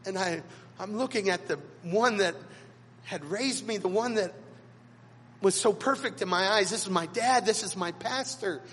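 Man, pastor, sermon, dramatic storytelling, high voice, long hall reverb. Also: moderate pace, slight background noise. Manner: dramatic storytelling with big swings in loudness. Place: church sanctuary.

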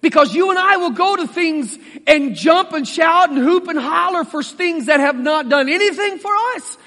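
A man preaching a sermon as pastor, folksy and animated, acting out the voices he quotes. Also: extremely high pitch, moderate pace, in a large hall.

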